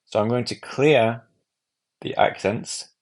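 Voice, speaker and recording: A man giving a calm, methodical step-by-step walkthrough of a music app. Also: medium pitch, takes it slowly. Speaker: app tutorial presenter. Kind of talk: screen-recorded software walkthrough.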